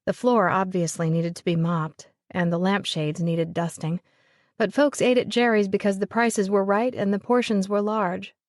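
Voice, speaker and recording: A woman narrating a romance audiobook in an even, measured way. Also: mid-range voice, no room sound, studio quality. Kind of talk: scripted narration of a romance novel.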